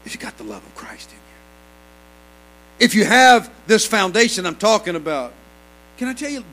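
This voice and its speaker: Male pastor, high and gravelly, preaching with big swings in volume, faint mains hum behind. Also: low-quality recording. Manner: swings from low murmurs to shouted preaching, many "uh" fillers. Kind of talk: sermon.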